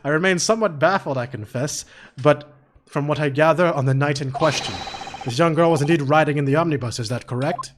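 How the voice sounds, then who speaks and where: A man's voice: a little high, brisk, noisy background, close to an everyday voice. A man voicing a stern elderly courtroom judge, speaking formally and pompously. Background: background music.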